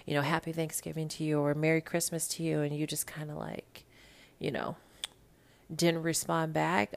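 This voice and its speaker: A woman's voice: deep voice, steady tone, moderate pace, vocal fry. A woman hosting a podcast, giving a blunt, gossipy, casual recap of reality TV, swearing freely. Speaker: podcast host.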